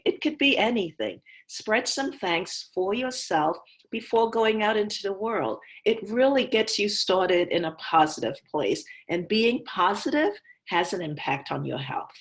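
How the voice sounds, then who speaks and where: A woman physician on a video call, explaining health advice in a clear, patient, teacherly way. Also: medium pitch, expressive, measured pace. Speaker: physician guest.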